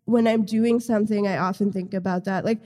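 A woman's voice: mid-range voice, steady tone, fairly quick, warm tone, long reverb tail. A woman guest on a podcast, chatting casually and rambling with many fillers.

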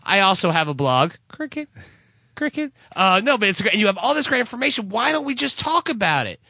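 An excitable man co-hosting a podcast, rambling and stammering as he pitches a new idea in casual banter. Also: fast, vocal fry, dry recording. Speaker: podcast co-host.

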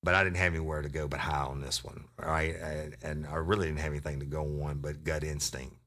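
Man, low pitch, forceful tone, profane storyteller. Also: brisk. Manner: profane, animated, emphatic. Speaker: podcast host, former sheriff's deputy.

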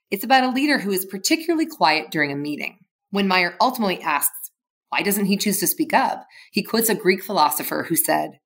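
A woman who works as a leadership facilitator, telling a personal story in a measured, scripted podcast reflection. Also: lowish voice, a bit bright.

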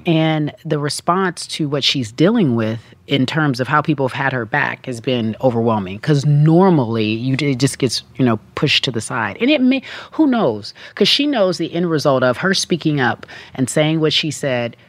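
A woman guest speaking candidly in an interview, telling her story with animated delivery and acting out quoted voices. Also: a bass voice, moderate pace, hardly any pauses.

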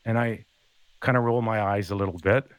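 A man's voice: lowish voice, fairly quick, smooth, no echo. A man in his fifties, a former hockey player, telling stories in a casual chat and acting out the quotes. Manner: animated storyteller acting out quotes.

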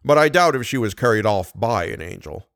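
A man reading an audiobook, voicing a skeptical police commissary with a measured, ironic, solemn manner. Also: lowish voice, expressive, a bit bright, no room sound, studio quality.

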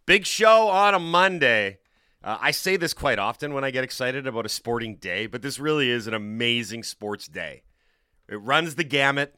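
A man hosting a morning sports radio show, running through the day's schedule in a lively way in a studio. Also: medium pitch, clear, resonant tone, dry recording. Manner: lively, rattles off a quick rundown. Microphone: studio mic.

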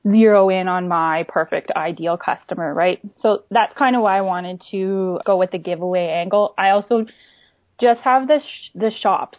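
A woman talks in an easy, explanatory way as an interview guest, often tagging her points with "right?" and "you know". The sound is dull and lo-fi. The room is dead and dry, with no echo at all. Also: on the low side. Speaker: guest, small online shop owner. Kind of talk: casual interview chat. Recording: dull, lo-fi dry remote audio.

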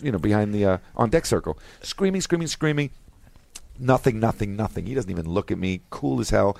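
A man with a low voice tells a story as a podcast guest. His pitch swings widely as he gets excited, and at times he bursts into shouts. He is recorded on a studio mic. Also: a little fast, creaky, dry recording. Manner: excitable, shouts when reenacting. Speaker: guest actor. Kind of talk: animated storytelling.

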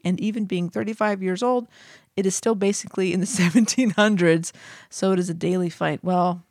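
A woman's voice: medium pitch, no echo, clean studio sound. A woman co-hosting a casual podcast, chatting and reading listener mail with frequent laughter. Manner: giggly, chatty, breaks into laughter often. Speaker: podcast co-host.

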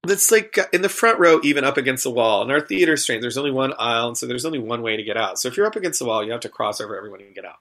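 A man, a stage performer and emcee, telling an animated story and acting out the quoted lines. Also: medium pitch, rapid-fire, hardly any pauses.

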